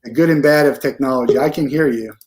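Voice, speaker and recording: A man's voice: mid-range voice, fast talker, a little mellow. A man hosting a casual remote interview on a video call, easygoing and laughing off the lag. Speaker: interview host.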